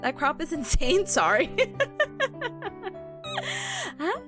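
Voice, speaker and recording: A woman's voice: high voice, sing-song, takes it slowly, music in the background. A woman streamer in casual live chat, playful and silly, laughing often between lines. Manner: silly, sings sound effects.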